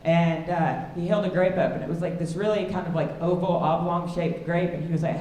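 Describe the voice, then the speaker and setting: A woman's voice: on the low side, fairly even intonation, brisk, dark tone, slight background noise. Woman, 30s, stand-up comedian, brash, raunchy, roomy live room. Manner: brash, crude, self-deprecating punchlines. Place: comedy club stage with live audience. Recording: roomy live club sound.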